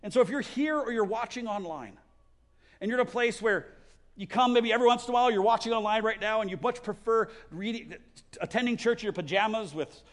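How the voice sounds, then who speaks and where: High-voiced pastor urging his congregation. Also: a little fast. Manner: earnest, exhorting, often repeats words mid-sentence. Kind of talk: sermon and closing prayer. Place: church service.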